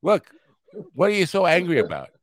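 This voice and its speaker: A man's voice: a little high, wildly swooping pitch, fairly quick, no room sound. Blunt, profane man, dry close sound. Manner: blunt and profane, mutters asides. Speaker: podcast host. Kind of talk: casual chat.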